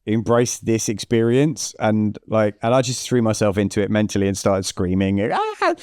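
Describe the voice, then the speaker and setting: A man in middle age speaks in a low, steady voice, recorded close and dry with no room around him. He tells stories as a guest coach, voicing the other people in them and circling back to restart his thoughts. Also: normal speed, clear, resonant tone, no echo. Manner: animated storyteller who acts out quoted dialogue, frequent restarts. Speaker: business coach, podcast guest. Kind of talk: conversational storytelling interview.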